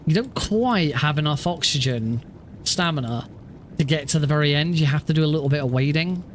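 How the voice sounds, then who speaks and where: A man's voice: a little high, fairly quick, a little hiss or hum. Rambling man narrating his speedrun. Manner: rambling, self-deprecating, many fillers and restarts. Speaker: speedrunner streamer. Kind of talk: casual gameplay commentary.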